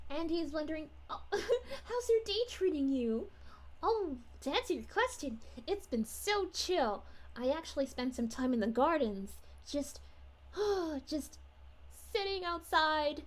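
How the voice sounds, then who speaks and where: Brief: sweet bubbly young princess, woman voicing, very high and sing-song, livestream chat in character. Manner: gushing, sing-song greetings to viewers. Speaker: VTuber streamer.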